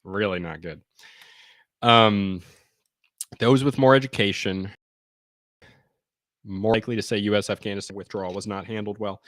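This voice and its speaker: A man's voice: lowish voice, fairly even intonation, normal speed, pauses often, a bit bright, no echo, studio quality. A man giving blunt, sarcastic, rambling commentary on survey charts during a casual live stream. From United States.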